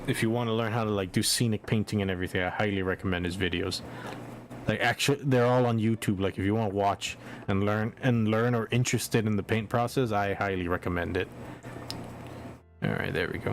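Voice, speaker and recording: A man hosting a casual painting livestream, chatty and encouraging, making little sound effects as he works. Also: fairly low pitch. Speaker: livestream host painting miniatures.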